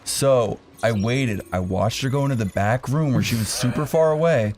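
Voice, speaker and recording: A man's voice: mid-range voice, normal speed, slight background noise. A young adult man casually telling a crude story as a podcast co-host, swearing freely. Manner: profane, animated anecdote-telling.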